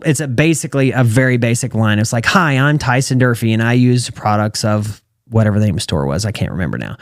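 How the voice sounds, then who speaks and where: A man's voice: medium pitch, dry recording, studio quality. A man in his thirties with an American accent, a guest on an interview show, telling stories casually and acting out the dialogue. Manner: animated storyteller who acts out quoted dialogue. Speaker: guest, retired champion calf roper and entrepreneur.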